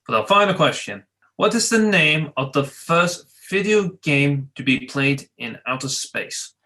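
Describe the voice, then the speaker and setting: Bright-voiced playful man. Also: fairly high pitch, animated, a little slow. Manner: playful, stumbling and restarting mid-sentence. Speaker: podcast co-host. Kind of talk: casual chat.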